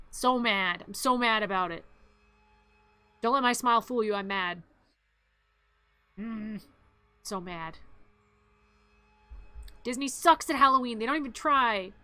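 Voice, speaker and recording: High, bright-voiced woman ranting on stream. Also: unhurried, pauses often, smooth, dry recording. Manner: animated, exasperated, laughing between complaints. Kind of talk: casual streamed rant.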